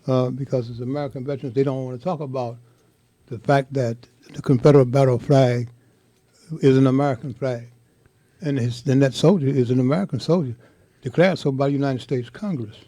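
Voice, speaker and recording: An older man telling a heartfelt story in an interview, speaking with impassioned, halting repetition. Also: medium pitch, fairly even intonation, warm tone, dry recording. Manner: impassioned, halting, repeats words. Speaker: interviewee, veteran.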